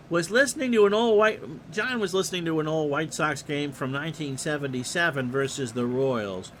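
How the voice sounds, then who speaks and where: A man with a fairly high, bright voice calls a simulated ballgame at an unhurried pace. He drifts into musing chat asides between pitches and livens up when a big play comes. A faint hiss sits under his voice. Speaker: streamer calling a simulated ballgame.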